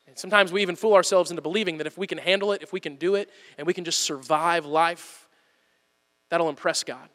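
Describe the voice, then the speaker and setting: Guy pastor preaching, bright tense voice, pretty high, earnest and repeats stuff for emphasis. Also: steady tone, quick pace, in a large hall. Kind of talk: sermon.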